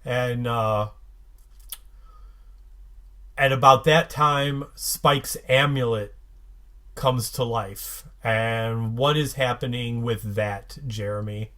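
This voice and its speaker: A man co-hosting a podcast, recapping an episode in casual chat, halting with many fillers and restarts. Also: medium pitch, fairly even intonation, fairly bright tone.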